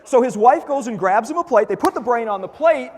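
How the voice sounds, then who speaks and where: A man giving a conference talk, telling a story in an animated way and acting out the voices of the people in it. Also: very high-pitched, fairly quick, long reverb tail, a little hiss or hum. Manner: animated, acts out quoted voices. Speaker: conference speaker.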